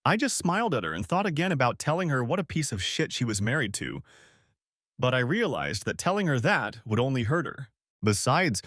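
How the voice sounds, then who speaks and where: A man's voice: mid-range voice, fairly bright tone, no echo, studio quality. A man narrating a dramatic first-person audiobook story in a scripted reading.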